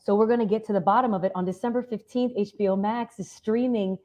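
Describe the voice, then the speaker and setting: Woman, from Miami, talk show co-host, chatty, animated storyteller, medium pitch. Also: fast talker. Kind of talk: casual talk show chat.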